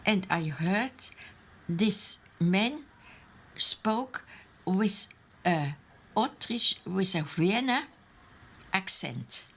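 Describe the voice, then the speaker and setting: Slow, halting older woman. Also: medium pitch, animated, fairly bright tone, breathy edge. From Austria. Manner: halting, searching for English words. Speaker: eyewitness interviewee. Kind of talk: documentary interview recollection.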